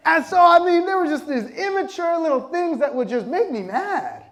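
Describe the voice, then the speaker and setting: A man with a notably high-pitched voice delivers a sermon with lively, conversational energy. He jokes and laughs with the congregation and keeps pulling them in with questions. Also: moderate pace. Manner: lively conversational preaching with constant audience questions. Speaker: pastor.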